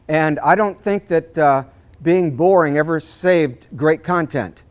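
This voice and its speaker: A man giving a live seminar to real estate agents, acting out conversations with clients and clearing his throat often. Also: fairly high pitch, takes it slowly. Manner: animated, acts out client dialogues, frequent throat clearing. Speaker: real estate sales trainer.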